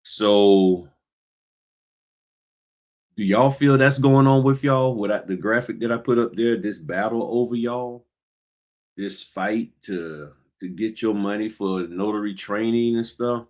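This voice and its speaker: Sounding a little out of breath, a man runs a relaxed livestream on the notary trade, welcoming viewers by name while working through paperwork. His voice is lowish and darkish, and he speaks at a measured pace.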